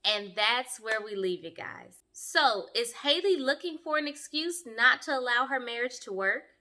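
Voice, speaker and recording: A woman's voice: on the high side, measured pace. Sassy woman reviewing a TV show. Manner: sassy, animated, talks straight to viewers. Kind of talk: casual commentary.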